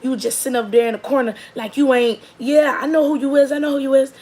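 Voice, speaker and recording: Give me a woman doing an insistent older woman who talks with sass and gravel, pushing every line home. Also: sits high, steady tone, fast, a little mellow, voice pushed up. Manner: sassy, emphatic, scolding. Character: brassy insistent older woman, sassy and teasing.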